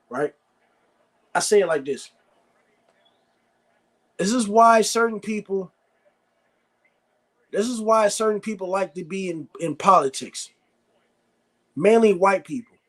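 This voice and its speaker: A man hosting a live sports reaction stream, ranting bluntly and repeating himself. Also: sits high. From United States. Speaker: sports show host.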